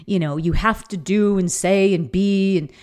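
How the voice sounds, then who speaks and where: A woman's voice: mid-range voice, normal speed, a little mellow. A middle-aged woman giving a motivational faith talk, telling personal stories with earnest enthusiasm. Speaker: inspirational faith speaker.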